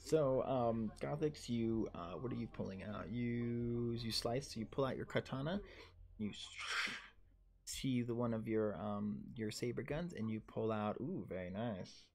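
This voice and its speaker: A man's voice: medium pitch, a little slow, gravelly, darkish tone. A man in his thirties running a tabletop game as dungeon master, narrating combat vividly and with energy. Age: 30s.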